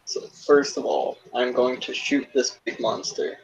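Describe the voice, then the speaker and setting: A man playing a tabletop role-playing game over a call, thinking out loud and swearing as he plans. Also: medium pitch, steady tone, measured pace, gravelly, dull audio. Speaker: player. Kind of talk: casual tabletop game play.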